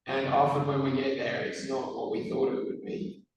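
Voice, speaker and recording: A man, hoarse from a cold, asking an earnest question from the audience. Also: medium pitch, level tone, moderate pace. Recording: distant, echoey hall mic with faint room noise.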